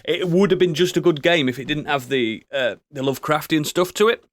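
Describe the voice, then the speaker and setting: A mid-pitched man co-hosts a podcast, eager and enthusiastic, swearing freely. His voice sounds dry and close to the mic. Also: expressive, fairly quick, no room sound. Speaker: podcast co-host. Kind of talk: casual chat.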